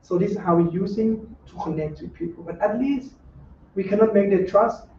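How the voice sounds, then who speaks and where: High, mellow-voiced monk heard from afar. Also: male voice, moderate pace, slight background noise. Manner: simple, repetitive phrasing with frequent rhetorical checks; gentle, conversational advice. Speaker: Buddhist monk teacher. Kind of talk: informal dharma talk. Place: meditation center room. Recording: roomy echo, distant dull lo-fi mic.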